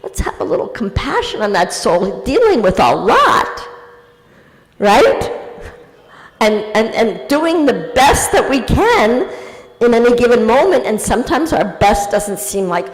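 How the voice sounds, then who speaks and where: A woman spiritual teacher answering a question in a gentle, conversational devotional talk, acting out inner voices as she goes. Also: a little high, sing-song, measured pace. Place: temple hall. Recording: reverberant hall.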